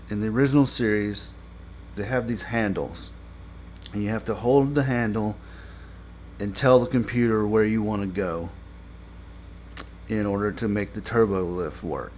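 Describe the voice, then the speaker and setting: A man talks through a TV episode review in a casual, meandering way, leaning on fillers and restarts. His voice sits fairly low and he takes his time. Faint noise hums in the background. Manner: rambling, heavy on fillers, gets exasperated and louder when complaining.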